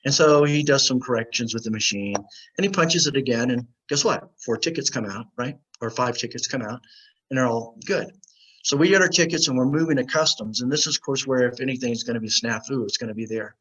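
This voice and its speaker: A man's voice: medium pitch, brisk, husky, highs cut off. A man, a guest on an interview show, telling a story casually and acting out the other people in it. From United States. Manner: animated anecdote teller, acts out quoted voices.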